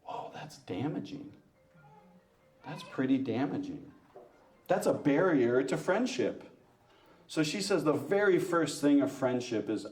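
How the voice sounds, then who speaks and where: Man, parish talk, lively, self-mocking jokes, middle pitch, roomy hall echo. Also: a little slow, recorded from a distance, soft background music. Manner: lively, joking, self-mocking, asks the audience. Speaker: parish speaker. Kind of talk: talk to a women's church group. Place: church meeting room.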